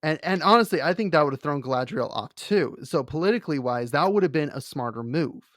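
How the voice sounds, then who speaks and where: A man's voice: fairly high pitch, animated, fairly quick, a bit bright, no echo, clean studio sound. A man co-hosting a casual chat, talking in a rambling way with many fillers and restarts. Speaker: podcast co-host.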